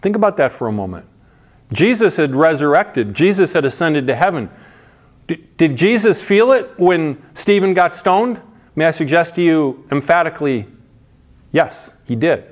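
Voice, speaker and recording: Male preacher, slightly high voice, chatty sermon delivery, emphatic asides. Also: lively intonation, normal speed. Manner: casual and emphatic, with frequent restarts and asides. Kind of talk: conversational sermon.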